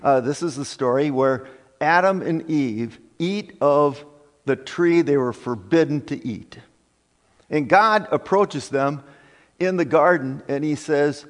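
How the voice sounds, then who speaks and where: Slow, deliberate preacher in an echoing hall. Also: male voice, a little high, animated. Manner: emphatic, deliberate, with frequent fillers. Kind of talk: sermon. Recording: long reverb of a hall.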